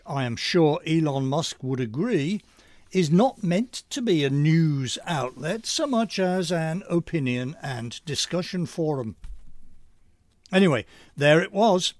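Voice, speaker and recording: An older British man hosting a scripted monologue, delivered with wry, dry humor at a measured pace. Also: a little high, expressive, no echo. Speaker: host.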